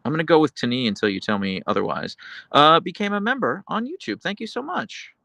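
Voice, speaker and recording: A man's voice: fairly high pitch, expressive, brisk, creaky, sharp tone, dry recording. A man hosting a livestream, reading viewer messages and rambling casually with lots of fillers and self-corrections. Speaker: livestream host reading chat.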